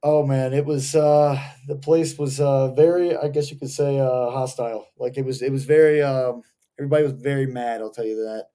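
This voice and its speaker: A man's voice: medium pitch, steady tone, normal speed, warm tone. A young man, co-hosting a casual sports podcast and ranting like a heated fan. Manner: rambling, heated fan rants. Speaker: podcast co-host.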